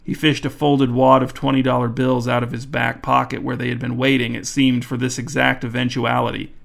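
A man narrating a story in a measured, even way. His voice sits mid-range for a man and carries a gravelly, fry-tinged texture. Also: medium pitch. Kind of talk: scripted narration.

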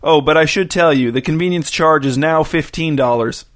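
A calm, smug schemer who stays unbothered and a little sly, as a male narrator reads him. his voice sits close to the reader's own ordinary tone. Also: on the high side, normal speed, natural voice. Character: smug, scheming man selling turkeys.

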